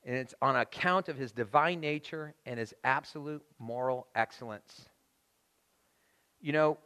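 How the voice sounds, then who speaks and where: Male pastor, chatty animated sermon delivery, slightly high voice. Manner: animated, conversational preaching with frequent "right?".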